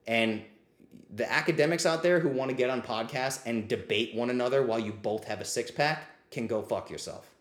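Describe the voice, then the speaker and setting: A man's voice: medium pitch, normal speed. Fired-up man ranting in an echoey room. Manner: impassioned, ranting, blunt and profane; riled up, says he is getting heated. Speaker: podcast host answering live questions. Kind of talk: livestreamed ask-me-anything talk.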